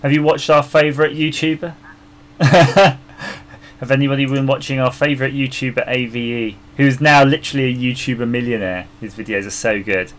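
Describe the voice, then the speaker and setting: Designing a circuit board on his live stream, a man talks casually, laughs often and mutters as he hunts for things. He has a mid-range, fairly bright voice with fairly even intonation at a moderate pace, and his microphone is about three feet away.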